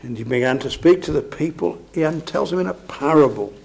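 A man's voice: a little high, expressive, fairly quick, creaky, a little mellow. A man preaching a sermon, expounding scripture in a conversational way and often asking his listeners tag questions.

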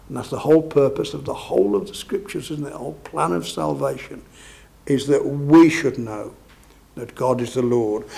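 Going verse by verse through scripture, a man delivers a sermon in a mid-range voice with a gravelly, creaky texture. His style is conversational and explanatory, and he often checks in with listeners using tag questions.

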